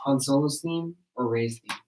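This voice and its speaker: A man's voice: mid-range voice, normal speed. Chatty man, echoey and noisy. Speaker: podcast co-host. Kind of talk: casual chat. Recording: echoey room with clear background noise.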